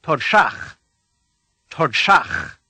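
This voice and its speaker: A man's voice: mid-range voice, huge pitch swings, very slow, bright, forceful tone, slightly rough, no room sound, heavily acted. An actor playing a fierce male Klingon warrior who barks out single alien words, harsh and clipped, in a language course recording. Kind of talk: pronunciation examples in an audio course.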